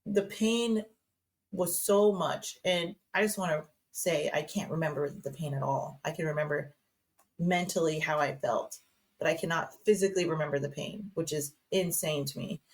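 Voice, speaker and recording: Chatty woman guest, lowish voice. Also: normal speed. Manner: chatty storytelling, many fillers and restarts. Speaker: podcast guest. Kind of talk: casual podcast conversation.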